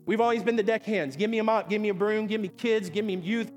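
A man's voice: sits high, fast talker, long reverb tail, faint music behind, low-quality recording. A man preaching a sermon as pastor, fervent, repeating "come on" and throwing questions to the congregation.

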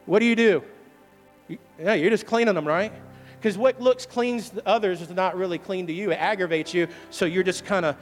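High-voiced preaching pastor in a reverberant church. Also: male voice, a little fast. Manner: call-and-response preaching, asks the congregation questions. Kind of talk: sermon. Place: church sanctuary. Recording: long hall reverb with faint music.

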